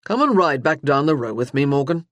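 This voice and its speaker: A woman's voice: low-pitched, sing-song, fairly quick, no echo, lo-fi sound. A woman voicing a stern, grave man, a former army officer, in an audiobook.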